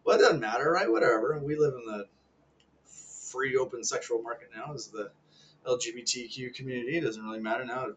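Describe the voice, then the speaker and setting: A man's voice: mid-range voice, a little fast, fairly bright tone, dull audio, a little hiss or hum. Profane, rambling man in his thirties. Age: 30s. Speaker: vlogger. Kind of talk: casual rant.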